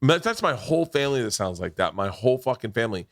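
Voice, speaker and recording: A man's voice: medium pitch, big pitch swings, fast, no echo. A man from Florida in casual podcast chat, rambling and crude, close on a studio mic. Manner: rambling, crude, jumps into impressions.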